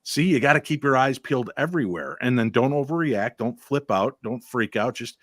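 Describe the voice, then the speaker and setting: A man's voice: medium pitch, fairly quick, no room sound, studio quality. A man, a paranormal investigator, telling stories in casual chat and acting out the voices of people he quotes. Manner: animated storyteller, acts out quoted voices.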